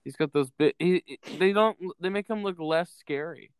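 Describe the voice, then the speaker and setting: Joking young man, smooth dry voice. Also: on the high side, moderate pace, no room sound. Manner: joking, laughs often, crude. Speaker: podcast co-host. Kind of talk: casual chat.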